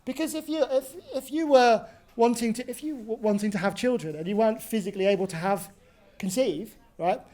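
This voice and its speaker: A little high and mellow, this woman's voice moves slightly fast. In her twenties, she does stand-up at a pub, swearing, ranting, and tacking "right?" onto her lines.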